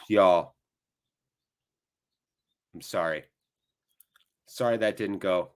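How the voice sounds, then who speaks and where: A man hosting a live fan watchalong, giving emotional, excitable match commentary. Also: low-pitched, extremely slow, smooth. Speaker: fan channel host.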